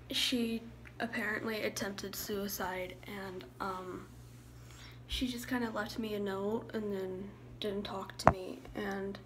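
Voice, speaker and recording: A young woman talking to her viewers in a soft, halting way, sometimes dropping into a hushed, whispery voice. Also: medium pitch, noisy background. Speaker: YouTuber. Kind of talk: emotional vlog talk to viewers.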